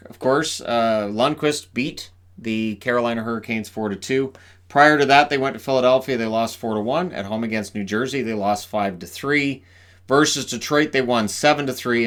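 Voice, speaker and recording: A man's voice: medium pitch, fairly bright tone. A man previewing hockey games on his own channel, reeling off scores and stats in a chatty, offhand way with frequent asides. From Canada. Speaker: hockey commentator. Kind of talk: solo game preview talk.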